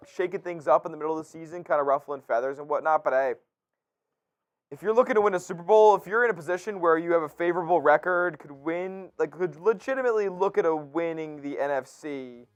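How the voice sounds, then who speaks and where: A man co-hosting a casual sports talk stream. His voice is fairly high and smooth. He talks in a loose, conversational way and thinks aloud as he goes. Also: fairly bright tone. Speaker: co-host.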